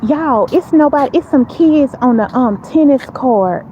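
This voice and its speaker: A woman hosts a casual livestream, chatting and laughing with her viewers as she walks outdoors to her car. Her voice sits a little high and comes through a handheld phone with a dull, muffled sound. Steady outdoor noise runs underneath. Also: a little slow. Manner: chatty, talks to chat readers, frequent laughs and fillers. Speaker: livestream host. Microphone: phone held in hand.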